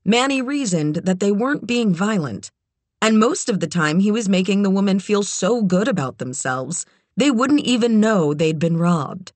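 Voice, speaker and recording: An audiobook narrator reading a novel in even, measured scripted narration. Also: medium pitch, no echo.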